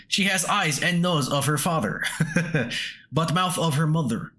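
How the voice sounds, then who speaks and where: A man's voice: on the high side, expressive, pushed and bright, voice pushed up. A man putting on an old Russian-accented miner. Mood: wistful. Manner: broken English, slow, wistful reading. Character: old male island miner writing his journal.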